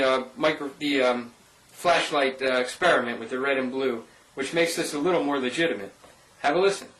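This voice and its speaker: A man's voice: on the high side, a bit bright, echoey room, far from the mic, rough recording. A man casually narrating his ghost-hunting evidence, talking straight to his viewers in an informal way. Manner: informal, speaks directly to viewers. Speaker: paranormal investigator presenting evidence. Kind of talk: casual voice-over narration of clips.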